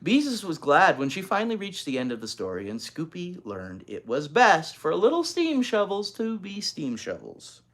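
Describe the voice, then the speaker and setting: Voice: mid-range voice, huge pitch swings, normal speed, hardly any pauses. A reader narrating a children's chapter book aloud, adding chatty asides to young listeners. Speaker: storybook reader.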